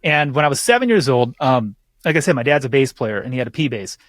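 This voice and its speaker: A man chatting casually as a podcast guest, telling animated stories and swearing freely. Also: medium pitch, fast talker, no echo, studio quality. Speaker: guest bass teacher.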